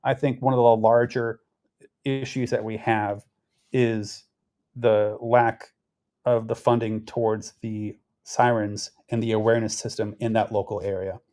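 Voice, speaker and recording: A man talks through local politics in a loose, conversational way. He rambles, trips over his words and circles back to finish his thoughts. His voice sits at an ordinary middle pitch. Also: warm tone. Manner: rambling, conversational, frequent restarts and fillers. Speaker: political commentary host. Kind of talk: casual political commentary.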